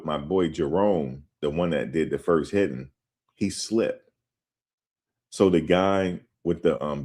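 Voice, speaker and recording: A show host with a low voice tells a story in casual spoken storytelling and commentary. He is animated and conversational, calling his listeners "guys" directly.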